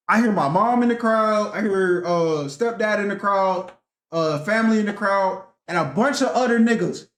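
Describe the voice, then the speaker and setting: A man's voice: high-pitched, moderate pace, a bit bright. A young man telling a profane, rambling story in a casual rant vlog, talking animatedly and swearing often. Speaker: vlogger. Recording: echoey room.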